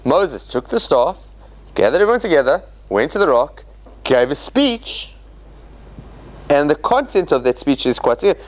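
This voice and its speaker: Fairly high in pitch and measured in pace, with long pauses, a man teaches Torah study in an informal lecture at a church centre's meeting room. He acts out quotes animatedly in dramatic voices, often starts over, and poses questions to those listening in this casual Bible study.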